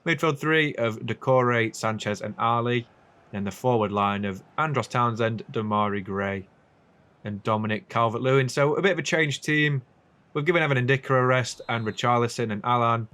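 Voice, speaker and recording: A young man casually commentating a football video game, chatty and sweary, with quick asides and self-corrections. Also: mid-range voice, fairly bright tone, smooth. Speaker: gaming YouTuber.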